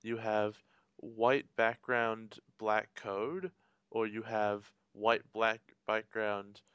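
Wry young man with a lowish voice. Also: steady tone, extremely slow, a bit bright, clear, resonant tone, no room sound, dull audio. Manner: wry, skeptical asides. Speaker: podcast co-host. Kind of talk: casual chat.

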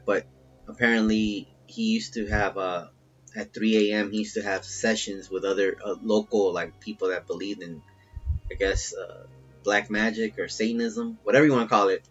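A man casually telling a long, profane, rambling story from his family, getting animated as it builds. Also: fairly low pitch, lo-fi sound. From Salvadoran family.

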